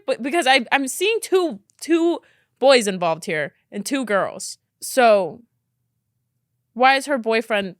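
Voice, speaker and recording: A young woman hosting a podcast, reading out listener stories in casual chat and reacting with incredulous, animated asides. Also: fairly high pitch, a little slow, no echo, clean studio sound. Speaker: podcast host.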